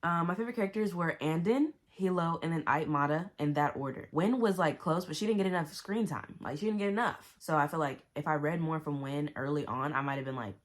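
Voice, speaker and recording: A woman vlogging a blunt, profane, animated book review in casual slang. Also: deep voice, brisk, few pauses. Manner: talks to herself and the viewers with slang.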